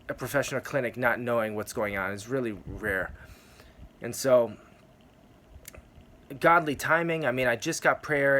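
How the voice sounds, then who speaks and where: A man's voice: mid-range voice, a bit bright. Earnest man sharing a rambling testimony. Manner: earnest, rambling, repeats phrases for emphasis. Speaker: Christian testimony vlogger. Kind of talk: personal testimony.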